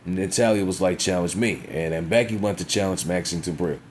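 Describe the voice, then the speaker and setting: Man, low voice, wrestling review rant, crude and blunt, light background hiss. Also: a little fast. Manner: blunt, profane, frequent "you know what I'm saying". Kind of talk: casual profane rant.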